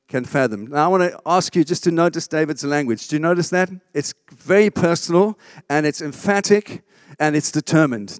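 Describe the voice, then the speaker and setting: A man's voice: on the high side, clean tone, no echo, clean studio sound. A man preaching a sermon, emphatic, often asking the congregation for an amen. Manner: emphatic, asks the congregation for response. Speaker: pastor.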